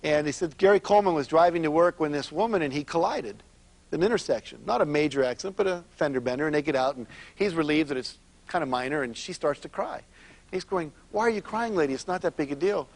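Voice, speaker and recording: A man speaking as a motivational seminar speaker, telling stories in an animated way and addressing his audience directly. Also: fairly high pitch, fast talker.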